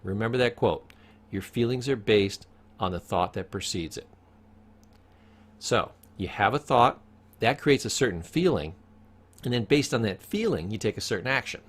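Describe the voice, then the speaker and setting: A man's voice: lowish voice, expressive, moderate pace, pauses often. A man teaching a recorded psychology course, who speaks emphatically, repeats his key points and asks the listener questions.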